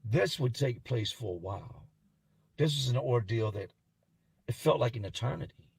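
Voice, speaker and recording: A man telling a first-person story in a somber, halting way, as if haunted. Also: medium pitch, expressive, gravelly, darkish tone, husky, no room sound.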